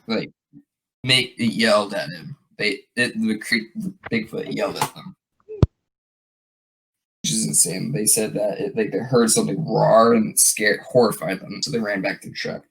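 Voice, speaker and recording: A man's voice: fairly low pitch, a bit bright, rough recording. A man hosting a podcast, telling a story in a rambling casual way with many fillers and restarts. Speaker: podcast host.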